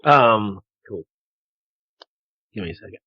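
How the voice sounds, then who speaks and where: A man's voice: fairly low pitch, lively intonation, takes it slowly, breathy edge, dry recording. A man, a guest comedian, chatting loosely over a call through a phone earpiece, stumbling and laughing through retakes. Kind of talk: casual chat over a call. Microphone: phone earpiece on a video call. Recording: dull lo-fi call audio.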